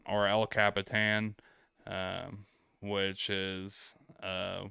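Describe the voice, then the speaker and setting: A man's voice: lowish voice, creaky, sharp tone, smooth, no echo, studio quality. A man hosting a vlog, telling travel stories in a laid-back, rambling way and swearing freely. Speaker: vlog host. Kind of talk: casual travel storytelling.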